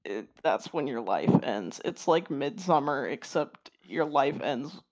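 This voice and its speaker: A man's voice: medium pitch, big pitch swings, a little slow, noisy background. Giggly, bantering young man. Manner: giggly, bantering, swears freely. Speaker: podcast co-host. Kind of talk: casual chat. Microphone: online group call.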